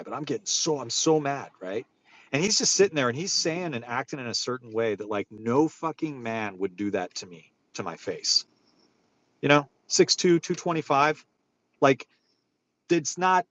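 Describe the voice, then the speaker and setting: A man hosting an online audio room, ranting in a profane, rambling, exasperated way. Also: mid-range voice. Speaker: host of a social audio room. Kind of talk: casual ranting chat. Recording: faint background noise.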